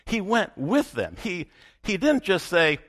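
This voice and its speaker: A man's voice: sits high, big pitch swings, measured pace, fairly bright tone. A man preaching a sermon as pastor, emphatic and repeating his key phrases for weight.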